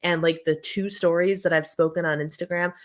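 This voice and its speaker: A woman in her thirties hosts a casual live-stream chat from home, her lowish voice steady and fairly quick despite a scratchy throat. She chats away while reading out viewer comments and responding to them.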